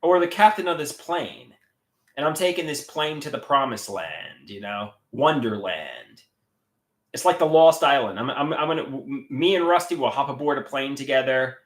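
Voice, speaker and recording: A man's voice: medium pitch, animated, normal speed, reverberant. A man livestreaming and talking about his artwork, agitated and swearing, often repeating himself and restarting his sentences. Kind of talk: casual livestream talk.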